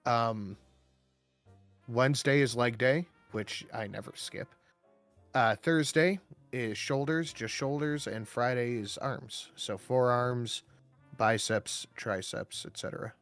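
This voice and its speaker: A man's voice: medium pitch, takes it slowly, fairly bright tone, faint music behind. Matter-of-fact man listing gym routine. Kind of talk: casual chat.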